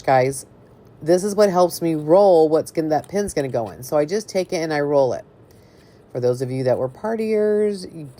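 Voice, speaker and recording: A middle-aged woman with a low, mellow voice walks viewers through a craft project. She talks casually and with enthusiasm, often turning to her audience. The tone is easygoing and warm-toned. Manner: chatty, enthusiastic, addresses viewers as "you guys". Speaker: craft video host.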